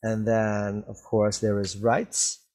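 A man teaching English vocabulary, reading slowly and repeating each word clearly for learners, speaking through a mask. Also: lowish voice, completely flat delivery, a little mellow. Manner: very slow, carefully enunciated, repeats words for learners. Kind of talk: slow classroom reading and vocabulary drill. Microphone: wears a mask while talking.

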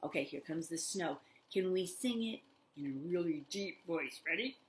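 An older woman leading a toddler story time, talking straight to small children in an animated, sing-song way. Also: on the low side, moderate pace. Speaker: children's librarian.

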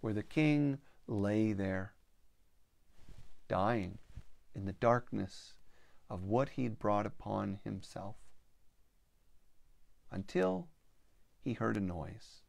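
Slow, gravelly male storyteller. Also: on the low side, lively intonation, darkish tone, dry recording. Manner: slow, measured telling, voicing characters. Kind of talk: spoken storytelling at a spiritual gathering.

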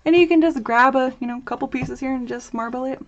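A woman's voice: high-pitched, fast talker, muffled recording. A young woman hosting a live crafting tutorial, chatty and bubbly, chatting with viewers as she works and laughing often. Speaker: host of a crafting livestream.

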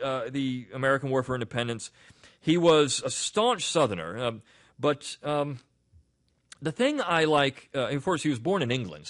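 A man from Delaware hosting a podcast, giving casual, explanatory commentary on essays and telling stories along the way. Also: medium pitch. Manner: conversational, explanatory, storytelling. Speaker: podcast host.

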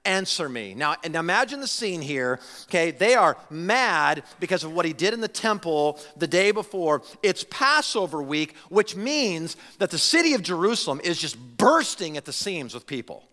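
A man preaching a sermon as a pastor, talking in an animated, conversational way with frequent restarts. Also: on the high side, normal speed, hardly any pauses, long reverb tail. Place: church sanctuary.

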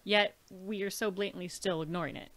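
A woman co-host in casual conversation, cutting in quickly and softly. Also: mid-range voice, fairly even intonation. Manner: quick, soft interjections. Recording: noisy crowd behind.

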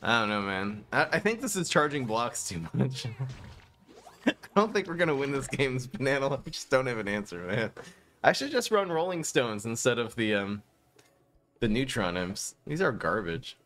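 Excitable male game streamer, lively pitch. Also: moderate pace. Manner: excitable, laughs often, talks to chat. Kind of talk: live-stream gameplay commentary.

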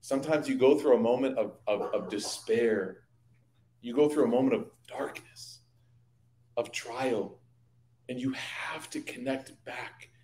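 A man giving an evening religious study talk, telling lively stories and speaking directly to his audience. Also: mid-range voice, reverberant. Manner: lively anecdotal storytelling, addressing audience. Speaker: religious teacher. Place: community hall.

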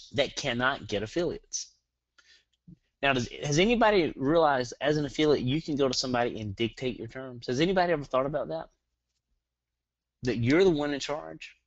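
A Southern-accented man runs a live webinar in a fast, hyperactive rush, peppering listeners with questions. His voice sits at an ordinary pitch. The sound is dry and a little dull, like a call mic. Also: no room sound. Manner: energetic, hyperactive, fires rhetorical questions at the audience. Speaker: online marketing webinar presenter.

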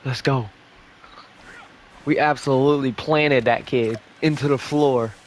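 A young man giving live, excitable commentary over his own gameplay, swearing and shouting at sudden plays. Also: medium pitch, a little slow, slight background noise. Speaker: gaming YouTuber.

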